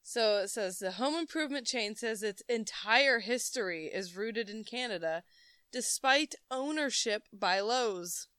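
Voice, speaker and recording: Giggly woman reading news on a podcast, bright clear voice, dry close sound. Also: fairly high pitch, lively intonation, measured pace, no echo. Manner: giggly, reads aloud with asides and jokes. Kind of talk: casual podcast chat.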